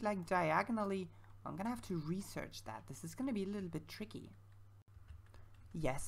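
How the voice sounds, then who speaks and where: A woman giving casual gameplay commentary as a let's-play creator, thinking aloud in a chatty, self-mocking way. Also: mid-range voice. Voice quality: gravelly voice.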